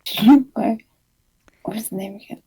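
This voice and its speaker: A woman's voice: a little high, unhurried, husky, dry recording, rough recording. A woman playing in a tabletop game, speaking in a playful manner. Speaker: player.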